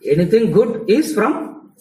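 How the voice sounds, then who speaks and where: A man with a Tamil-English accent teaches a class in a chatty, teasing way. His voice sits a little high. It is picked up from some way off in a room full of echo. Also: sing-song, unhurried, mellow. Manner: conversational, teasing the audience, mixing English and Tamil. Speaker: spiritual lecturer. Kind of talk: live lecture to a class. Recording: echoey hall, mic at a distance.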